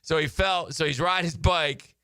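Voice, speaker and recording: Man, radio co-host, animated storyteller, bright voice, dry studio sound. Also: a little high, normal speed, clear, resonant tone, dry recording. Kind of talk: casual storytelling chat.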